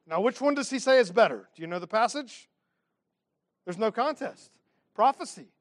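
A man's voice: very high-pitched, no echo. A man preaching a teaching sermon as pastor of his church, reading scripture and adding humorous asides.

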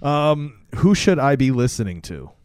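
Smooth-voiced teasing man. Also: medium pitch, sing-song, a little slow, a little mellow, no echo, clean studio sound. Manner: teasing, laughing, steers to the next question. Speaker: podcast co-host. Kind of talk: casual chat.

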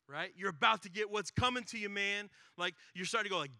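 A man preaching a sermon, telling a Bible story with lively acted-out quotes. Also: sits high, fairly quick, no echo, studio quality. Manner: animated storytelling, acts out quotes. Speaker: pastor.

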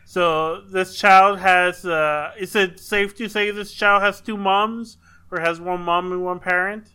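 A woman's voice: lowish voice, steady tone, slow, sharp tone, clear, resonant tone. A woman in casual chat, joking and playful, with frequent swearing.

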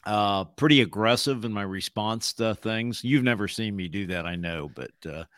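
Give me a low-voiced man in casual podcast chat, recorded dry. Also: normal speed, fairly bright tone, no room sound. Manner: reflective, often ends points with "right?". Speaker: podcast co-host. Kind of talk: casual conversation.

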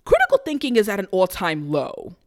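A woman's voice: mid-range voice, wildly swooping pitch, fairly quick. A young adult woman hosting her own podcast, talking in a brash, profane, playful way and laughing often. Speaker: podcast host. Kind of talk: casual solo podcast monologue.

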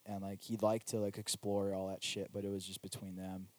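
A man's voice: lowish voice, completely flat delivery, brisk, a little mellow, no room sound. A man in a casual podcast chat, laid-back, peppering his talk with "dude" and "like.".

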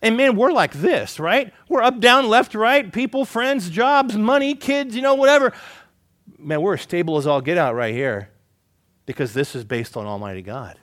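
A man preaching a conversational sermon, asking the listeners rhetorical questions and swinging between emphatic rises and quiet, low asides. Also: expressive, normal speed, no echo, studio quality. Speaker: pastor.

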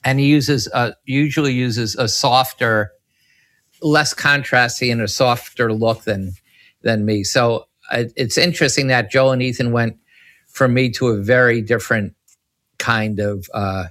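A man with a bright, forceful voice at an ordinary pitch tells long behind-the-scenes stories. He rambles, doubles back and restarts his sentences as he goes. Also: fairly even intonation, unhurried. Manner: rambling, with many restarts and self-corrections. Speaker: filmmaker guest. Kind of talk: anecdotal podcast storytelling.

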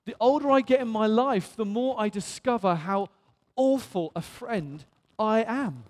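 A middle-aged man preaching a fervent sermon, dropping to a hush and then rising to shouts. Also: high voice, a little slow. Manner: swings from hushed to shouting, fervent. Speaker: pastor. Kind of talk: impassioned sermon. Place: church hall. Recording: long reverb of a large hall.

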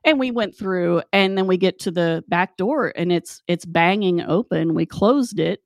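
A woman casually telling a spooky personal anecdote, animated and acting out the dialogue. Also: lowish voice, unhurried, dry recording, clean studio sound. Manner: animated, acts out dialogue in quotes. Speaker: storyteller.

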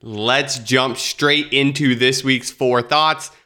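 Man, podcast host, nasal from a cold, bright tone, slow deliberate reading. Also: mid-range voice, fairly even intonation. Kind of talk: calm reflective podcast talk.

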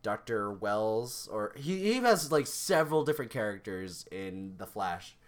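Rambling, animated young man on a podcast. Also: fairly low pitch, measured pace. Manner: animated, rambling, many restarts and fillers. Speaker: podcast co-host. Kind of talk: casual chat.

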